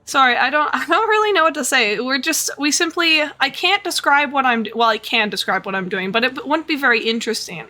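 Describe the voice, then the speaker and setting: A woman's voice: high-pitched, expressive, brisk, few pauses, sharp tone. A woman live streaming a game, chatting casually to her viewers with sarcastic, mock-bored asides. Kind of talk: casual livestream chat while gaming.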